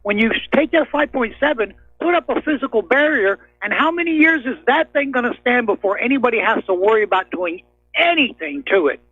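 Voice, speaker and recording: A man's voice: extremely high pitch, animated, brisk, slightly rough, no room sound. A man calling in to a radio show, ranting in a furious, blunt and profane way. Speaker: caller. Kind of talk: angry call-in rant. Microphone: telephone. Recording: tinny phone line.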